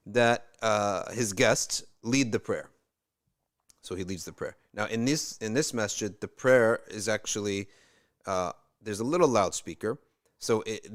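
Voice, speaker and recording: Low-voiced man telling a religious story. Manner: casual, conversational, restarts and asides. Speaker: religious teacher. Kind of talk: storytelling talk.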